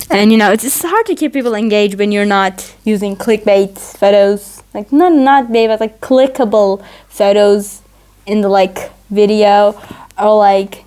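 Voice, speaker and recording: A woman's voice: medium pitch, darkish tone, clear, resonant tone. A woman vlogger gushing about a show she loves, in a rambling, casual recap full of "like.".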